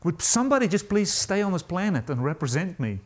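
A man voicing God the Father as weary and pleading, asking in a quick, exasperated way. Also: high voice, big pitch swings.

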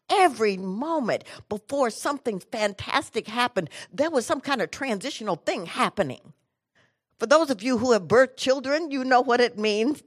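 A middle-aged woman from the United States giving an inspirational talk, telling a personal story with lively swings between energetic and hushed delivery. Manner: animated storyteller, drops to quiet low tones for emphasis. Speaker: inspirational speaker.

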